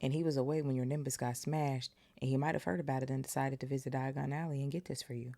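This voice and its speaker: A woman voicing an excitable teenage boy wizard while reading a storybook aloud, eager and loud. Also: very deep voice, quick pace, creaky. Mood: excited.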